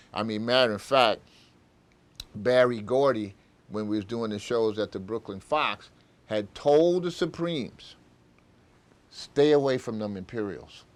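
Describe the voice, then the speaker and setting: Older man telling rambling anecdotes. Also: on the low side. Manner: rambling, full of fillers, acts out old conversations. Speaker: interviewee. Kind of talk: anecdotal interview storytelling.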